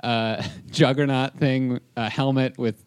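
A man's voice: mid-range voice, fairly even intonation, slow, clear, resonant tone. A man co-hosting a podcast in casual chat, rambling with many fillers and frequent laughs. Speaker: podcast co-host.

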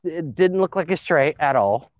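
A man hosting a casual podcast, excitable and swearing freely, often trailing off mid-sentence. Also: a little high, moderate pace, dry recording. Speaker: podcast host. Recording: dull dry lo-fi sound.

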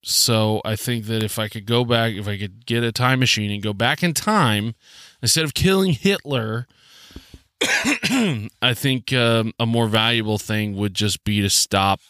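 A man from the southern United States, speaking with a Southern accent, hosts a rambling, joking solo podcast full of ums and restarts. His fairly low voice is unhurried, smooth, and sharp in tone, captured in studio quality with no echo.

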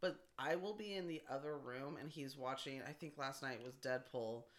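A woman's voice: very deep voice, moderate pace. A woman chatting on a podcast with a teasing, dry sense of humor. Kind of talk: casual chat.

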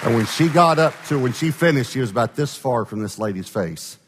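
A man's voice: mid-range voice, expressive, brisk, in a large hall, a crowd in the background, noisy background. A male pastor telling a story in a sermon, talking conversationally and often checking in with his listeners.

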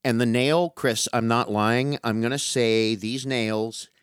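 A middle-aged man telling a long, animated, profane story in casual chat with a friend. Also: mid-range voice, slow, clean tone, dry recording, studio quality. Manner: animated, profane, calls listener dude.

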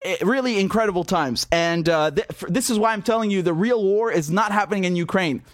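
Man, high voice, dry close sound, blunt mocking commentary. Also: fairly quick, no room sound. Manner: blunt, mocking, laughs often, swears. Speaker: political commentator. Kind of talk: casual opinion monologue.

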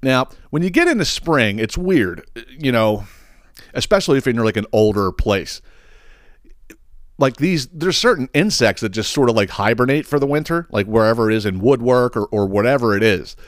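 A man's voice: medium pitch, normal speed, dry recording, studio quality. Profane, heated man telling a story. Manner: profane, heated, animated retelling with frequent restarts. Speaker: podcast host. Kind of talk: casual storytelling monologue.

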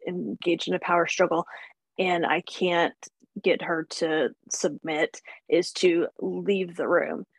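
A woman's voice: on the low side, steady tone, slow pace, husky, dry recording. A woman hosting a parenting podcast, telling her own story in a hesitant, conversational way with light laughs. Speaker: podcast host and mother. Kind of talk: podcast interview.

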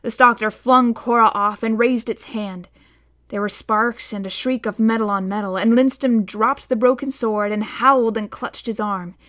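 A woman narrating a novel aloud in a steady storytelling manner, voicing the dialogue. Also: fairly high pitch, normal speed. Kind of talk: audiobook narration.

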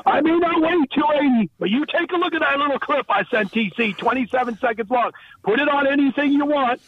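A middle-aged former wrestler reminiscing in a casual interview, telling stories animatedly and laughing often. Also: male voice, very high-pitched, fairly quick, no echo, phone-quality sound. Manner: animated storyteller, quotes others, laughs often. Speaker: former pro wrestler, guest.

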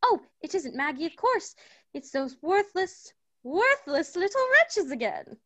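A woman playing a very high, gushing mother. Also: sing-song, measured pace, a bit bright, dry recording, heavily acted. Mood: impatient. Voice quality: gushing, fussy, coaxing. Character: fussy, doting wife and mother. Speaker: Mrs. Fountain.

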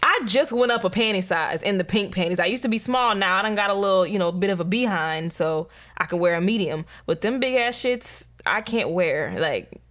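A woman's voice: medium pitch, expressive, fairly quick, few pauses, a bit bright. A young woman co-hosting a podcast in casual chat, blunt and swearing freely, laughing often. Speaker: podcast co-host.

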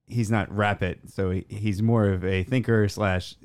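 A man with a fairly low voice talks through a show recap in a loose, rambling way. He keeps slipping in "like" and quick acted snippets of the characters' lines. It sounds like easygoing podcast chat. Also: steady tone, darkish tone, smooth. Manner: rambling retelling, acts out character lines, many "like" fillers. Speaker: podcast co-host. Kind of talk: casual episode recap chat.

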